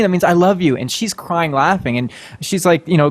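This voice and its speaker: A man hosting a casual interview podcast, playful and quick to laugh. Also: a little high, no echo. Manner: playful, laughs often, acts out story voices. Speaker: podcast host.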